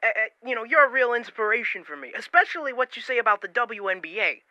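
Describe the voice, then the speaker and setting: Brief: performer doing a stammering superfan caller guy, bright and dry. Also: medium pitch, lively intonation, fast talker, dry recording, muffled recording. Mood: fawning. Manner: hesitant, stammering, eager. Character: awkward fawning male caller from Arizona. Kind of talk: comedic talk-radio parody.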